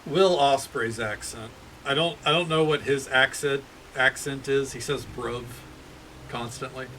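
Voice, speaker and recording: A man's voice: medium pitch, moderate pace, bright, forceful tone, a little hiss or hum. A man streaming a video game, chatting casually and rambling, with frequent cursing and restarts. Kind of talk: casual gaming commentary.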